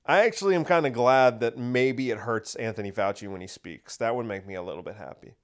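The host of this podcast is a man with a mid-range voice who talks fairly quickly. His monologue is a sarcastic, opinionated rant full of rhetorical questions.

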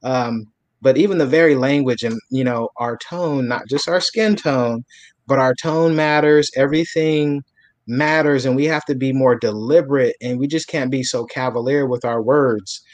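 A man with a mid-range voice, speaking in a reflective, measured way as he makes his point. The recording is dry and close, with no room sound. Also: medium pitch, dry recording. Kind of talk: casual panel discussion.

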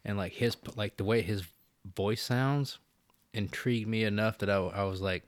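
A podcast co-host chats loosely at a moderate pace, with no room sound. He swears a lot, rambles, and mocks people by quoting them in a high voice.

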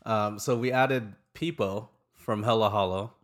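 A man's voice: on the low side, unhurried. A man hosting a podcast, talking in an easygoing, hesitant way. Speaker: podcast host. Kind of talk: casual chat.

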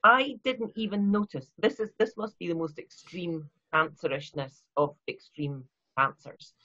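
A Scottish woman talks in a loose, self-mocking ramble, full of restarts and asides. Her voice is a little husky and the recording sounds dull and lo-fi. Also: on the low side, unhurried, bright, forceful tone. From Scotland. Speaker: guest author. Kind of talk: casual interview chat.

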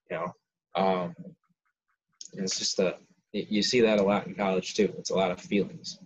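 A man's voice: low voice, little pitch movement, moderate pace, long pauses, husky. A man around twenty, co-hosting a casual podcast, ranting his opinions heatedly with frequent restarts. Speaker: podcast co-host. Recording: dull lo-fi sound.

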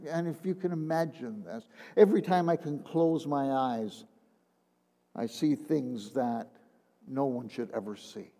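An older man, a retired minister, giving a personal testimony, halting and repeating words, often dropping to a hushed tone. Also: a little high. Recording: long reverb of a large hall.

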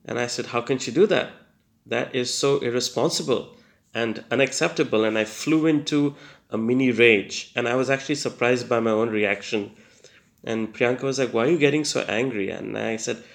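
A man's voice: medium pitch, normal speed, gravelly. A young man giving an earnest personal testimony, hesitant and full of fillers and restarts, with self-deprecating laughter. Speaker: testimony speaker.

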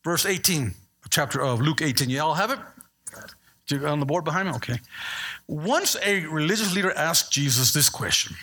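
A male pastor preaches with a lively, swooping delivery, his voice sitting high and bright. There is a husky grain to his tone as he jokes with the congregation and then presses his point. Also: moderate pace. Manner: animated preaching, playful asides to the congregation. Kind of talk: sermon.

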